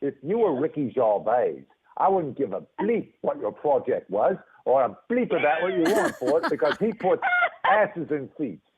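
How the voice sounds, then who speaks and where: A man's voice: on the high side, very animated, moderate pace, breathy edge, voice pushed up, full character voice. A man putting on a rude, bullying studio boss. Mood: contemptuous. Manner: blunt, bullying, swaggering. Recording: tinny phone line.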